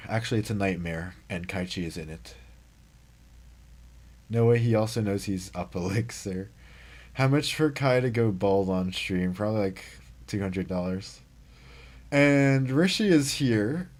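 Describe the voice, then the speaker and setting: A man's voice: lowish voice, animated, a little slow, a little mellow. A young man livestreaming a mobile game, chatting casually, reading chat and reacting to plays.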